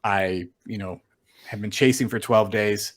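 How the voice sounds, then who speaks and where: A man's voice: lowish voice, fairly even intonation, measured pace. A middle-aged man talking as a guest on a casual podcast, rambling and earnest with lots of fillers and restarts. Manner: rambling, filler-heavy storytelling with many restarts; earnest and open about his feelings. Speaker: storm chaser and photographer, podcast guest.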